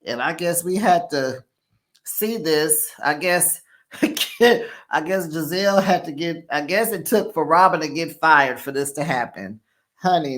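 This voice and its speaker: A woman dishing on a reality show in a relaxed recap, gossipy and quick to laugh. Her voice sits a little low, but her pitch swings widely. She talks slowly and drawls terms of endearment like honey and child.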